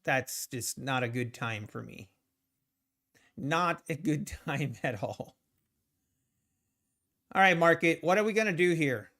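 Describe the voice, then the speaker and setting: Guy streaming his trades live, chatty n slow, kinda high voice, smooth. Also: animated, pushed and bright. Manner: rambling, talks to the market and to chat viewers. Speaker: trading livestream host. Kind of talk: casual live commentary while trading.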